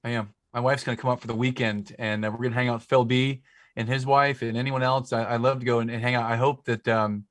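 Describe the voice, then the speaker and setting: A man's voice: mid-range voice, level tone, fast, a bit bright, dry recording. A talkative man in his forties speaks as a podcast guest. His voice sits in the middle range and is recorded dry and close, with nothing around it. He drifts from story to story and gets emotional along the way. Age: 40s. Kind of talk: casual conversation. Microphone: podcast microphone.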